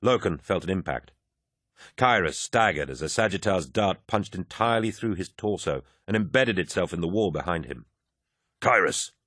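A man narrating an action-heavy audiobook in a measured, grave delivery. His voice is very deep, and the recording is dry and close with no room sound. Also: lively intonation, fairly bright tone, dry recording. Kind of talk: scripted narration.

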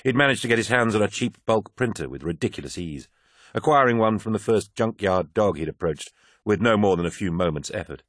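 A man reads a novel aloud in a very low voice, measured and even. The recording is dry and close, with no room sound behind it. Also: no room sound. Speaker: audiobook narrator. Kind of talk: scripted audiobook narration.

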